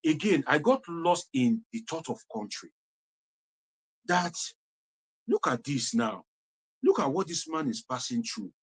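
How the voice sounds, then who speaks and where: A man's voice: a little high, very animated, unhurried, pauses often, breathy edge. A Nigerian man giving impassioned political commentary, preachy and repetitive, slipping into Pidgin phrases. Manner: preachy, repeats phrases for emphasis, mixes in Pidgin.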